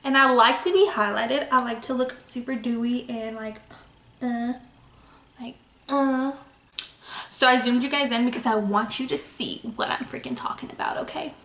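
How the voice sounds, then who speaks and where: A woman's voice: fairly high pitch, fairly even intonation, a little slow, pauses often, a bit bright. A young woman talking casually through her makeup routine as a beauty vlogger, playful and self-mocking in her asides. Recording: echoey room.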